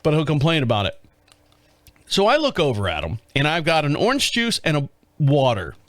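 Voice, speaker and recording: A man's voice: on the high side, huge pitch swings, a little fast, a bit bright, no room sound. A middle-aged man hosting a podcast, telling a casual story in a rambling way with restarts and chuckles. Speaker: podcast host.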